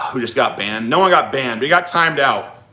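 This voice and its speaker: A man's voice: medium pitch, animated, normal speed, pushed and bright. A man hosting a livestream, ranting profanely and combatively at his chat. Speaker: livestream host.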